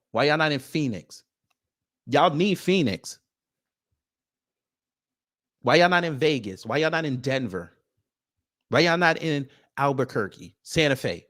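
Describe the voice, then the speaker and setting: Mocking, ranting male live-streamer. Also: fairly high pitch. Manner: animated, mocking, rapid rhetorical questions. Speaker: political commentary host.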